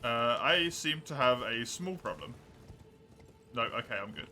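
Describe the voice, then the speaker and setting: A man streaming a game live, talking through each move in a chatty, reactive way. His voice is very bright and sharp, set at an ordinary middle pitch. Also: animated, a little slow, soft background music. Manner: chatty, reacts aloud and answers chat. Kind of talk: live gameplay commentary.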